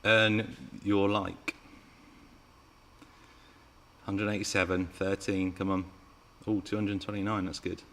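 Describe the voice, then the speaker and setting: A man's voice: deep voice, little pitch movement, takes it slowly, long pauses, fairly bright tone. A man hosting a live Q&A stream, chatting with viewers and reading out their comments. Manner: chatty and playful, teasing viewers. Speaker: RC car channel host.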